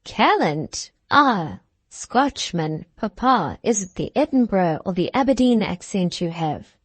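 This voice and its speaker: A woman's voice: mid-range voice, animated, slow, slightly rough, no room sound. A woman voicing a pert, eager young lady. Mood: teasing. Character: lively, pert young woman, a doting father's daughter.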